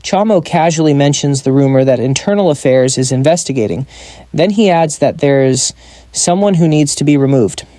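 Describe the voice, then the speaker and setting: A man's voice: on the high side, mellow, no room sound. A man narrating a comic story recap in a scripted style, dropping wry joking asides.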